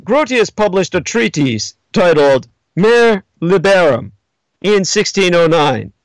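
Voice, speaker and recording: Guy doing a dramatic livestream lecture, kinda high voice, big swings up and down. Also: expressive, slow pace, no room sound, poor audio. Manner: emphatic, theatrical pitch swings, spells out names. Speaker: livestream host. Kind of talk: monologue lecture.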